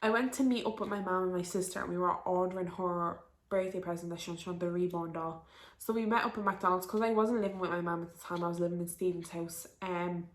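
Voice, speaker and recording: A woman's voice: on the low side, fairly even intonation, fast. Chatty young Dublin woman, roomy echo. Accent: Dublin Irish. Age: early 20s. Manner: chatty and rambling, with frequent "um" and "like". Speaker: vlogger. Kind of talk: casual storytelling to camera.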